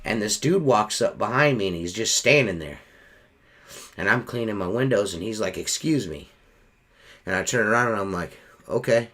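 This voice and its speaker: A man's voice: on the low side, animated, moderate pace, pushed and bright. A middle-aged man who cleans windows, telling a heated, profane story in casual chat on a podcast.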